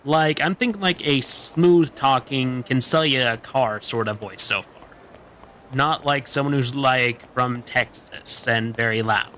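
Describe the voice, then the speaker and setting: A man's voice: medium pitch, measured pace, sharp tone, a little hiss or hum. A man streaming a video game, chatting casually and joking as he plays. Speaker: VTuber streamer. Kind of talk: casual gameplay commentary.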